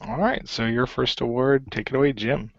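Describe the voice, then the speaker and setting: A man's voice: mid-range voice, steady tone, vocal fry, no room sound. A man hosts a casual chat, stumbling through fillers and breaking into laughs. His voice sits mid-range and comes through dull and lo-fi. The sound is dry, with no room around it. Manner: laughs often, halting with fillers. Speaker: podcast host.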